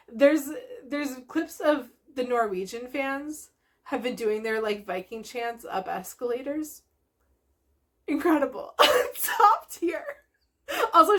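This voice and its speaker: Gushy woman rambling to camera, highish voice, laughs a ton. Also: gravelly. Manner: bubbly, gushing, laughs often. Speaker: host of a knitting video podcast. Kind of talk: casual chat to camera.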